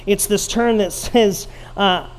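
Male pastor, higher-pitched voice, storytelling sermon, asks the congregation questions. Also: steady tone, takes it slowly, clear, resonant tone. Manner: dry sarcasm.

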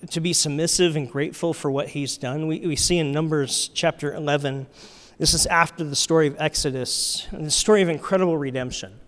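Candid preacher in a reverberant hall. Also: male voice, fairly high pitch, fairly even intonation, brisk. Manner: conversational, candid, self-deprecating preaching. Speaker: pastor. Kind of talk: sermon.

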